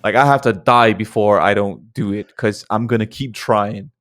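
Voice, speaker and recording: A man's voice: on the low side, steady tone, fairly bright tone. A young man co-hosting a podcast in casual chat, teasing his partner and talking with enthusiasm. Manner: teasing, enthusiastic, quick talk. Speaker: podcast co-host.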